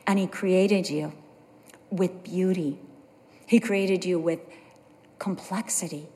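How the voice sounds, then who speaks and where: A woman's voice: fairly low pitch, fairly even intonation, slow, warm tone, in a large hall. A middle-aged woman preaching a sermon, telling stories with earnest conviction. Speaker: pastor's wife preaching.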